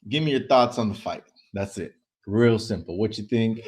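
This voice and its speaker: A man co-hosting a casual sports chat show, relaxed and easygoing, often trailing off into filler words. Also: fairly low pitch, normal speed. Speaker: co-host.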